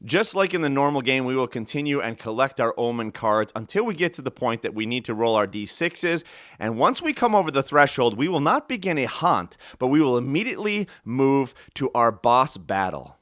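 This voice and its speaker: Lively, upbeat man explaining a game. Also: mid-range voice, moderate pace, dry recording, clean studio sound. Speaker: host and solo game runner. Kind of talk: rules explanation and game narration.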